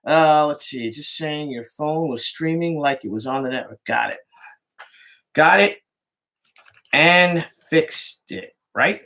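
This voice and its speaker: A man's voice: fairly high pitch, takes it slowly, vocal fry, pushed and bright. A middle-aged man with a New York Italian-American accent, chatting casually on a livestream, rambling, swearing freely and greeting viewers by name. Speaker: comic artist hosting a livestream. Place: indoors, home studio with art supplies. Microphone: phone.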